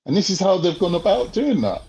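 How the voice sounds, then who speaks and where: A man's voice: sits high, very animated, a little fast, gravelly, darkish tone, poor audio. A young man, ranting in a heated, profane way and firing off rhetorical questions. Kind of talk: casual podcast rant.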